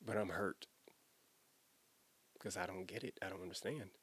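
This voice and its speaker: A man's voice: sits low, steady tone, normal speed, husky. A man, a former youth pastor, telling a personal story in an earnest, emotional, conversational way, often repeating himself as he talks.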